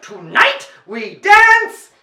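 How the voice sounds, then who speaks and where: A man doing a booming storybook king. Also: wildly swooping pitch, extremely slow, sharp tone, heavily acted. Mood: grand. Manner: booming, grand. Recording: echoey room.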